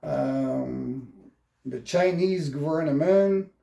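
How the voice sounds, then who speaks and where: A French Canadian man speaks slowly in a mellow, fairly high voice, pausing and restarting as he airs his indignant political opinions. The sound is echoey, as if he were in a bare room. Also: vocal fry. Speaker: political vlogger. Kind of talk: opinionated monologue.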